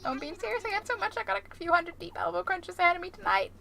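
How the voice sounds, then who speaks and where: A woman's voice: very high-pitched, expressive, very fast, vocal fry, sharp tone, slight background noise, pitched above the performer's own voice, heavily acted. Woman doing a boastful jock villager guy. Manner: bragging, self-serious. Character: boastful male jock island villager, gym-obsessed.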